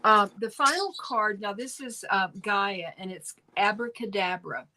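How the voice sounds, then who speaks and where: A woman co-hosting a tarot reading stream, reading cards aloud in a gentle, unhurried way with fillers. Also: medium pitch, rough recording. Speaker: tarot reader co-host.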